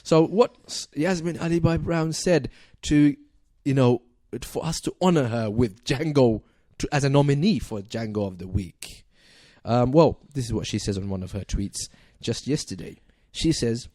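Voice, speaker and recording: A man's voice: mid-range voice, normal speed, warm tone, no echo, studio quality. A man co-hosting a talk radio show in casual chat, sarcastic and laughing often as he reads tweets aloud with plenty of fillers. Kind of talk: casual current affairs chat.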